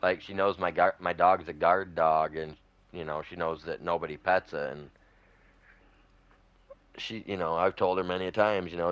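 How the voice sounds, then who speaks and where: A gaming streamer chats casually while playing a farming game, working through a long story with plenty of fillers and false starts. He speaks at a normal speed with long pauses, and his low, steady voice has a fairly bright tone despite the lo-fi recording.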